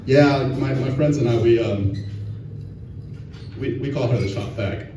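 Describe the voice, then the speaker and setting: Performing a crude stand-up set at a distillery venue, a man with a medium-pitched voice speaks at a measured pace and laughs at his own jokes while the live audience laughs behind him. The recording is distant, echoey, muffled, with background noise.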